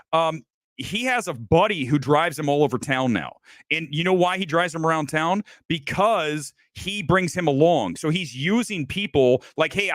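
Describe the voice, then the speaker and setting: A man's voice: on the high side, a bit bright, dry recording. A middle-aged man hosting a live stream, talking casually and profanely, addressing his chat directly.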